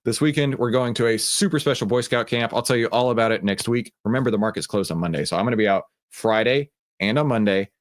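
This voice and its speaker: A man's voice: mid-range voice, fast talker, hardly any pauses, no room sound, studio quality. A middle-aged man with a Texan accent hosts a livestreamed trading room, talking casually with lots of fillers. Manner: casual and chatty, many fillers.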